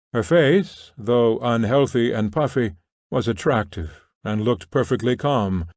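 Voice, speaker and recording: Brief: male narrator, middle pitch, measured novel reading, dry close sound. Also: darkish tone, no echo. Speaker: audiobook narrator. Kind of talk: scripted narration.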